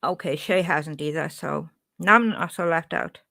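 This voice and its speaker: A woman's voice: sits low, moderate pace, gravelly, bright, forceful tone. A woman with a Welsh accent chatting casually on a live stream, reading out and answering her chat.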